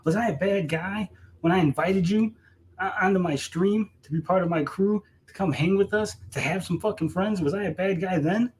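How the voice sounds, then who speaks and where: Male streamer, heated profane callout rant, slightly high pitch, faint background hiss. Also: moderate pace, a little mellow, rough recording. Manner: heated, profane, repetitive, mocking. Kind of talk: angry callout rant to camera.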